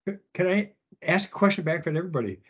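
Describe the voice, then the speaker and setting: A man's voice: high voice, lively intonation, fast, fairly bright tone, breathy edge. A man on a church panel asking the group earnest questions. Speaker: panel member. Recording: slightly dull sound.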